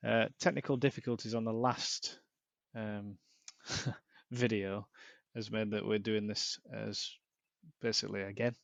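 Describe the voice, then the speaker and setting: A man with a Yorkshire accent talking in a monotone, dry and self-mocking, as he hosts a casual sim racing commentary. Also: on the low side, a little slow, vocal fry, pauses often, dry recording.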